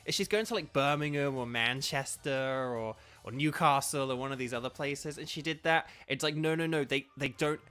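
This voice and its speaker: A man's voice: medium pitch, normal speed, hardly any pauses, a bit bright, clean tone. A man streaming a video game, chatting casually and drifting between the game and his viewers' comments. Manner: chatty, digressive, reads chat aloud. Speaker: gaming streamer and voice actor.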